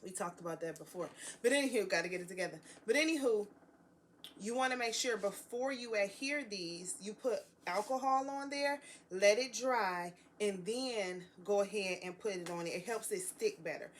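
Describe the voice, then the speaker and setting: A woman's voice: mid-range voice, moderate pace, hardly any pauses, slight background noise. A woman vlogging a crafting tutorial, gushing and chatty, talking straight to her viewers as y'all.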